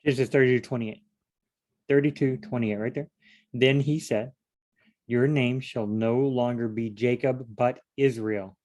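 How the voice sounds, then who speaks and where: A man with a middle-range voice works through scripture on his own. He reads a passage aloud, then stops to puzzle over it in a relaxed, conversational way. The tone is an informal solo study rather than a sermon. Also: mid-range voice. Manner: reads verses aloud then muses and questions them conversationally. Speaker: Bible study teacher. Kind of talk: casual Bible study reading and commentary.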